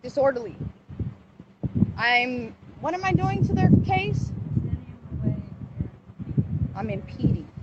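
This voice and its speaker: A woman's voice: sits high, animated, slow pace, long pauses, muffled recording, heavy background noise. A mother livestreaming outdoors beside a car, talking in an urgent, agitated way and coaching her children to speak up. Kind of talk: live phone stream, urgent pleading.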